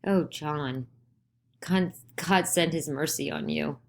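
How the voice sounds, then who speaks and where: A woman voicing a frail, gentle, steadfast older woman in a dramatized play reading. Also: deep voice, takes it slowly, vocal fry, slight background noise, full character voice.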